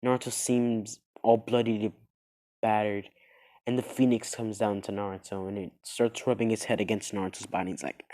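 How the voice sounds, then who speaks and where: A man telling an improvised fan story in a meandering, halting way, full of fillers and restarts. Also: lowish voice, level tone, warm tone.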